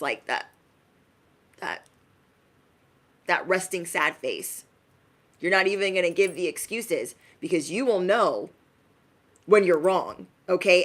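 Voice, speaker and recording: A woman's voice: fairly low pitch, a bit bright. A woman giving a casual spiritual message to her viewers as an intuitive reader, in a chatty, emphatic, slangy way.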